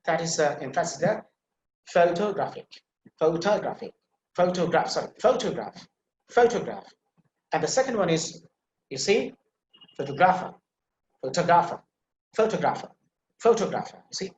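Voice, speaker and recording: A man's voice: fairly high pitch, echoey room, a little hiss or hum, poor audio. Bangladeshi man teaching pronunciation. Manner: repeats words slowly for drill, explanatory. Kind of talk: online lecture over slides.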